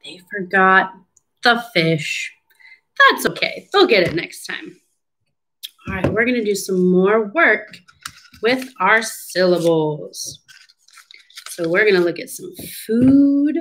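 Slow, sing-song woman teaching children. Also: medium pitch, lively intonation, a bit bright, slight background noise, low-quality recording. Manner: slow, sing-song, encouraging teacher talk with drawn-out words. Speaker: speech therapy clinician. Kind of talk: children's syllable-clapping lesson.

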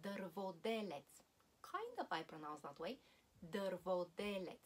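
Slow-paced woman teaching vocabulary. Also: lowish voice, expressive, breathy edge. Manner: slow, deliberate, repeats words for practice. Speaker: language teacher. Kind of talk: language lesson.

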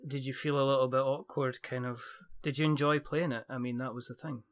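A man's voice: mid-range voice, steady tone, brisk. A man hosting a casual podcast chat, rambling along with plenty of "you know" and "kind of" fillers. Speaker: podcast host.

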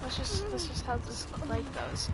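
Excitable young woman streamer, swearing. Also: sits high, normal speed, vocal fry, very noisy. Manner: excitable, swears a lot, dramatic outbursts. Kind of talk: casual gaming chat.

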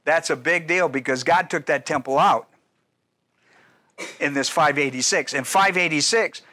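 A man in middle age teaches scripture to a class in a loose, talky lecture, circling back and checking in with his listeners. His voice sits a bit high for a man and has a bright, forward edge. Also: normal speed. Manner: conversational teaching with asides and restarts. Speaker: pastor. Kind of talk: Bible study lecture.

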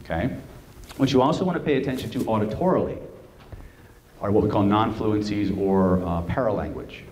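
A man presenting a live seminar to an audience, animated and joking, who keeps checking in with "right?". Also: fairly low pitch, normal speed. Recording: roomy room with faint noise.

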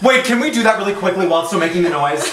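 A man's voice: high voice, expressive, very fast, roomy sound, distant mic, crowd noise. A young man joking around with his castmates on set, eager and laughing. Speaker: actor on set. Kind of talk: outtake banter on set.

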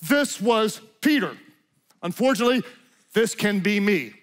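A man preaching a sermon as pastor, telling stories dramatically, hushing low and slow for solemn moments and rising to forceful emphasis. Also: expressive. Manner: dramatic storytelling with acted-out quotes.

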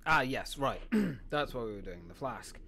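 A man talks loosely over a live game stream, circling back on himself, dropping swear words and breaking into laughs. His voice sits at an ordinary middle pitch, and the recording carries steady background noise from a home setup. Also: moderate pace, vocal fry. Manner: rambling, sweary, grateful, laughs often. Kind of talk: live gameplay stream chat.

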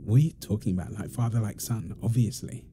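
A man's voice: on the low side, fast talker, noisy background. A man doing a whispered role-play as a young father, teasing and playful, slipping into baby talk. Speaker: audio role-play performer.

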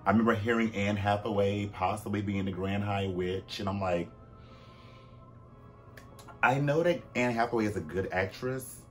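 Low-ish guy vlogging, super animated, voice swoops up and down, lots of "like". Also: normal speed, pauses often, soft background music. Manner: animated, swooping pitch and sudden loud bursts; chatty, with frequent "like" fillers. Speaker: vlog host. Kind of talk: casual chatty commentary.

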